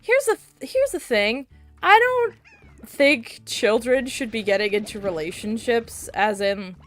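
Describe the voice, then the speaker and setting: A woman's voice: a little high, lively intonation, takes it slowly, fairly bright tone, soft background music. A young woman streaming a video game, chatting casually and rambling, with sudden squeals at the game. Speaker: VTuber streamer. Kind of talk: casual gameplay chat.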